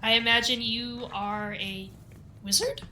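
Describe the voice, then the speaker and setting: High, very bright excitable young woman. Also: a little hiss or hum. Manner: excitable, giggly, quick to gush. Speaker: player. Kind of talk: playing a tabletop game in character.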